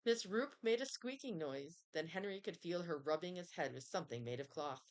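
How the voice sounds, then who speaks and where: Woman reader, low voice, lively pitch, children's book read-aloud. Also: fairly quick. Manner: expressive, storytelling.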